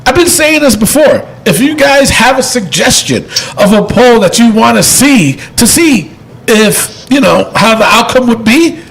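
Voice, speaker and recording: High gravelly guy hosting a podcast, laughs all the time, bounces up and down a lot. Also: sing-song, measured pace, fairly bright tone, slight background noise, rough recording. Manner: jokey, laughs often. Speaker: podcast host. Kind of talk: casual podcast chat.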